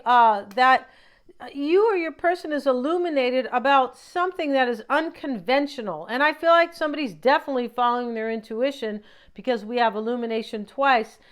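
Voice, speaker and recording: A woman giving a casual tarot card reading. She talks in a rambling, chatty way, drifting into asides and often tagging her thoughts with a questioning "right?". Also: high-pitched. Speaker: tarot reader.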